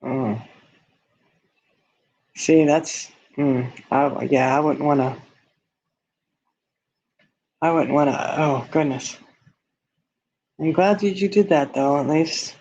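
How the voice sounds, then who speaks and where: Hosting a casual livestream, a man with a slightly high, darkish voice speaks slowly with long pauses. He reads viewer comments and talks bluntly and candidly, frequently laughing at his own remarks. The stream audio is dull and lo-fi.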